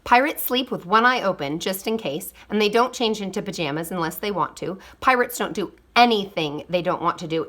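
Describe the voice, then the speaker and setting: Woman, reading a storybook aloud, expressive, quiet asides, bright voice. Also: mid-range voice. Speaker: storybook reader.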